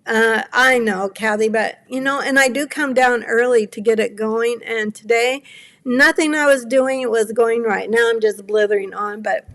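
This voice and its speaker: Brief: woman in her 70s, craft stream host, a bit high and gravelly, apologetic chat, teary edge. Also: moderate pace, a bit bright. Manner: apologetic, rambling, greets chatters by name. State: near tears. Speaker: cardmaking livestream host. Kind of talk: casual chat with live viewers.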